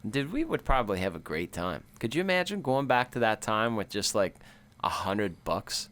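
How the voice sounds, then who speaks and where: A man co-hosting a casual horror podcast, laughing often and mimicking movie lines in an animated voice. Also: lowish voice, moderate pace. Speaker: podcast co-host. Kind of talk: casual chat.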